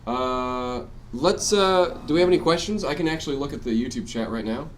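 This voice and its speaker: A man's voice: medium pitch, brisk, slight background noise. A man hosting a casual live-stream chat from a hotel room, laughing often. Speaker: podcast host.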